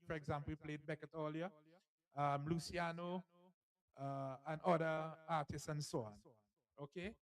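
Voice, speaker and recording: Jovial author-host, slightly high man's voice, teasing and laughing. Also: low-quality recording. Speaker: author and host of a book launch. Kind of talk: lively live event hosting.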